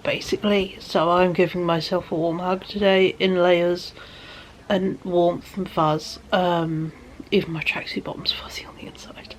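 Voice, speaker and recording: A tired woman vlogging from home in a rambling, soft way that often drops to a whisper. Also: on the low side, flat delivery, measured pace, slight background noise. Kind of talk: casual chat to camera.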